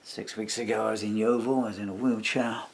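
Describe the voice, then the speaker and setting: Low gravelly guy ranting at his computer, rambly and fed up, faint hiss behind. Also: little pitch movement, fairly quick. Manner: indignant, rambling retelling with acted-out quotes. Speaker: vlogger. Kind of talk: personal complaint vlog.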